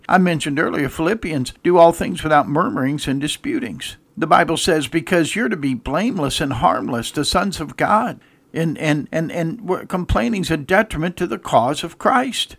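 A man preaches a sermon, his voice gravelly and sitting a little high. He speaks emphatically, stumbling over repeated words as he pushes his points, and he weaves jokes and anecdotes between the scripture he reads. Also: lively intonation, normal speed, a bit bright. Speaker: pastor.

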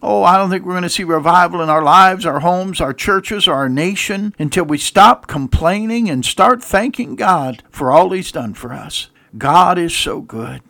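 A man's voice: sits high, normal speed, creaky, few pauses, bright, forceful tone. A man preaching a sermon as pastor, emphatic, with repeated words and restarts, mixing scripture readings with jokes and anecdotes.

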